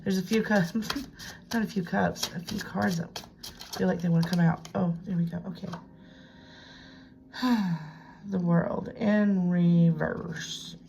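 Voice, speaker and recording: Low, gravelly woman reading tarot. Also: fairly even intonation, unhurried, pauses often, slight background noise, low-quality recording. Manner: chatty, self-talking, drifts into hushed whispers. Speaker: tarot reader. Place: home room with a piano desk.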